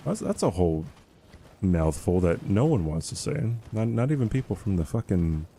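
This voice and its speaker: A man streaming a game, chatting casually with his viewers in an animated, argumentative, rambling way, swearing freely. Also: low-pitched, normal speed, slight background noise. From United States.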